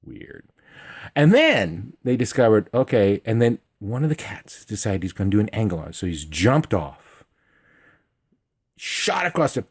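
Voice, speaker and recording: A man telling a funny true story in a rambling, animated way, breaking into sudden high meows and sound effects. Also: a little slow, husky. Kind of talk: comedic personal storytelling.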